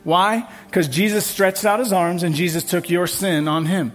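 A man's voice: sits high, fairly even intonation, moderate pace, faint music behind. A man preaching a sermon at a church service, emphatic and building on repeated refrains. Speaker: pastor.

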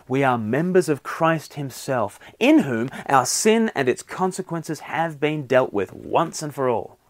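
A man's voice: medium pitch, no room sound, studio quality. A man giving an earnest, emphatic short devotional talk on a Bible passage, with the odd filler. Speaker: Bible teacher.

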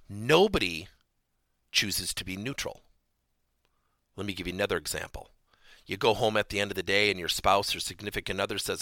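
A man hosting a podcast lesson on workplace coaching, animated and repeating his key points for emphasis. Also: on the low side, creaky, dry recording, studio quality.

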